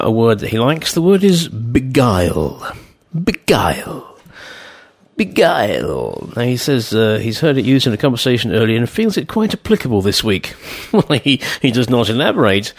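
A man's voice: medium pitch, no room sound, studio quality. A man hosting a radio show, chatting casually and rambling with self-deprecating asides.

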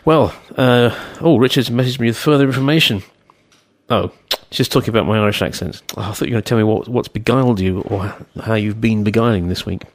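A man's voice: on the low side, brisk, no echo. A man hosting a radio show, chatting casually and rambling with self-deprecating asides.

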